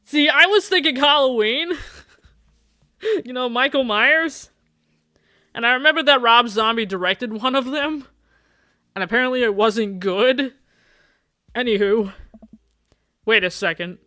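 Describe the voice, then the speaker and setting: A streamer reading a dating game aloud during a live playthrough, animated and jokey, laughing often. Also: mid-range voice, measured pace, pauses often, no echo, studio quality.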